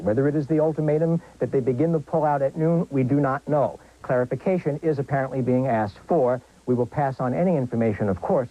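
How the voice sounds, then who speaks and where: A man's voice: a little high, dark tone, highs cut off. A man reporting live from the United Nations, careful and repeating key points as he recaps breaking news. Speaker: news correspondent. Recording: worn videotape of a TV news broadcast.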